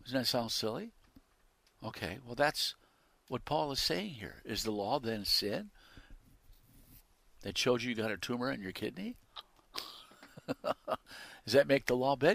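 Preacher man with booming emphatic swings. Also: expressive, measured pace, vocal fry, long pauses, no room sound. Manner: swings from loud emphatic declarations to quiet asides; reads scripture in King James wording with rising intensity. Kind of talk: sermon.

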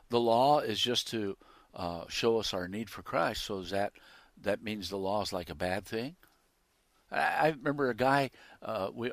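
A man preaching a sermon who swings from loud, emphatic declarations to quiet asides and reads scripture with rising intensity. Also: low-pitched, dry recording.

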